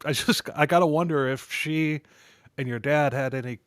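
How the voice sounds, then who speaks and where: A man's voice: on the high side, moderate pace, dry recording, studio quality. Laughing, rambling male podcast host. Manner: laughs often, rambling with restarts. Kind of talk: casual podcast chat.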